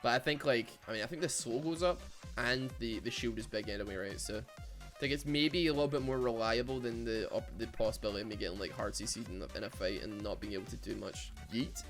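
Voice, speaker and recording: A man with a Glaswegian Scottish accent giving chatty, excitable commentary over his game, laughing often and trailing off into fillers. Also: mid-range voice, brisk, faint music behind. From Glasgow, Scotland. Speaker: streamer. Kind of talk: casual gameplay commentary.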